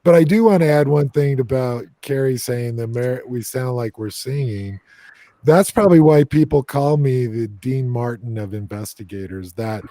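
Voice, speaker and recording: A man's voice: medium pitch, normal speed, mellow, dry recording. An American man hosting a casual paranormal discussion on a video call, joking and teasing his co-hosts. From United States. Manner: playful, teasing banter. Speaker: paranormal investigator and host. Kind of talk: casual group chat.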